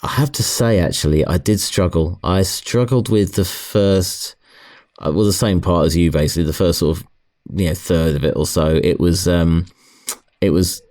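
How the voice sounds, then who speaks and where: Low-voiced hesitant male podcast co-host. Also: normal speed, a little mellow. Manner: hesitant, restarts and searches for words. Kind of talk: casual podcast chat.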